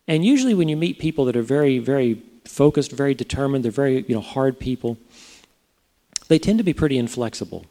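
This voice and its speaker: A man's voice: mid-range voice, expressive, quick pace, mellow. A man preaching a sermon in a conversational way, often putting rhetorical questions to his listeners. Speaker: pastor.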